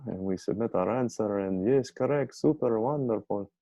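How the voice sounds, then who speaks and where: A man teaching a casual grammar lesson, talking in a chatty, energetic way and thinking aloud as he goes. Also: lowish voice, normal speed, creaky, few pauses, no room sound, muffled recording.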